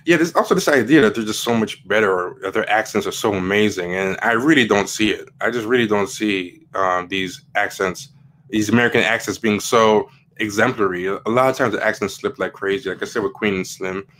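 A man's voice: on the low side, a little fast, a bit bright, a little hiss or hum. A man hosting a casual commentary livestream, rambling with many fillers and restarts as he reads quotes aloud from the web. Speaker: livestream host.

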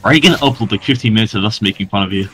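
A man's voice: fairly low pitch, rapid-fire, sharp tone. A man playing a game with friends, teasing and insulting them crudely and swearing constantly. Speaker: co-player. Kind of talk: casual gaming chat.

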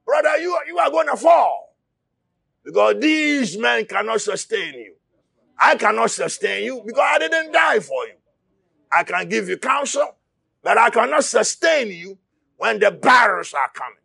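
A man preaching a fiery sermon, shouting and crying out, repeating his words as he presses his listeners. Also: very high-pitched, sing-song, measured pace, creaky, breathy edge, dry recording, studio quality.

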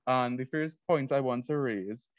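A man's voice: medium pitch, a little slow, no echo, lo-fi sound. Earnest young Trinidadian man presenting. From Trinidad and Tobago. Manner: earnest, explanatory. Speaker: student presenter. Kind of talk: academic presentation.

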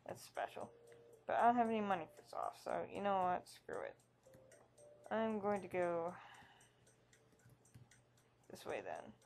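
A woman's voice: mid-range voice, sing-song, a little slow, pauses often, a little mellow, faint music behind. A woman giving casual, jokey commentary as she plays through a game, reading its text aloud with wry asides. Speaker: let's play host.

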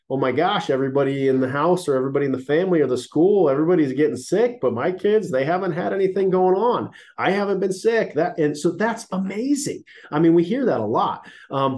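A man's voice: mid-range voice, a little mellow. A man in his thirties, a chiropractor giving a casual livestreamed health talk, sounding congested and nasal, folksy and enthusiastic, recorded on laptop and phone mics.

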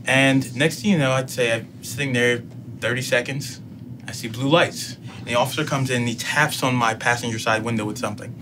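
A man telling a personal story in casual talk, acting out both sides of the dialogue with lively emotion. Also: medium pitch, brisk, background noise. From United States. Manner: animated retelling, acts out both sides of dialogue. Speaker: podcast guest.

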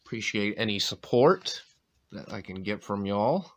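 A man's voice: lowish voice, lively intonation, unhurried, background noise. A man from Maine with a light New England accent and a slight sore throat, casually calling out player names as he opens packs of cards. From Maine, USA. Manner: reads off player names between chatty asides. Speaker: card-opening channel host. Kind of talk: casual pack-opening commentary.

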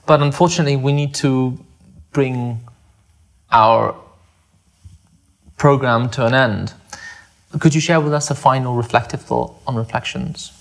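A man's voice: mid-range voice, measured pace, vocal fry, pauses often. A man hosting a podcast interview, speaking appreciatively to his guest as he wraps up the conversation. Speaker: podcast host.

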